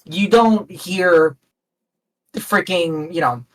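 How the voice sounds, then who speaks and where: A man's voice: high voice, takes it slowly, far from the mic, rough recording. A man co-hosting a casual game review podcast, talking enthusiastically and repeating himself as he makes his points. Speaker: podcast co-host.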